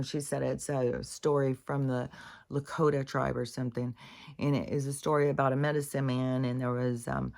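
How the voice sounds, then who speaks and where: A woman's voice: rumbling low, creaky, a little mellow. A woman in a casual spiritual monologue, speaking candidly, swearing freely and restarting her sentences.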